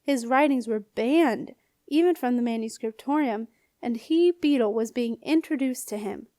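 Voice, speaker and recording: A woman narrating an audiobook with expressive storytelling. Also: on the high side, normal speed, no echo, clean studio sound. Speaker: audiobook reader. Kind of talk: scripted narration.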